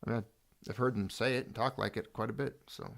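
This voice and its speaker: A man's voice: medium pitch, steady tone, fast, vocal fry. A man hosting his channel's livestream, chatting casually and rambling with many restarts. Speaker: channel host.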